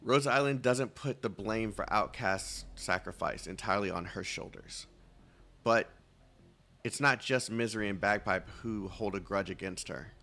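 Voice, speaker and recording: A low-voiced man with a gravelly, bright edge streams a game. He talks casually and reads the dialogue aloud. He rambles, mocks himself and trips over names. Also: normal speed. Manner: rambling, self-mocking, stumbles over names. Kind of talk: casual gameplay commentary, reading dialogue aloud.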